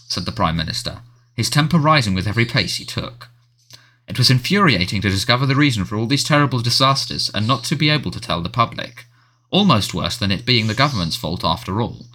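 Lively, bright-toned male audiobook narrator. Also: deep voice, brisk. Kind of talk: scripted narration.

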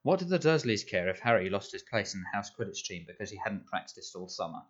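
A man reading an audiobook aloud in a measured storytelling manner. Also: lowish voice, lively intonation, fairly bright tone. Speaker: audiobook narrator. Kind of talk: scripted narration. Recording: dull lo-fi audio.

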